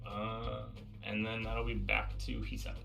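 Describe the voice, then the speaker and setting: Low-voiced game master, relaxed. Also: male voice, unhurried, gravelly, over music. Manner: relaxed, hesitant, many fillers. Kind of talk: running a tabletop game over voice chat.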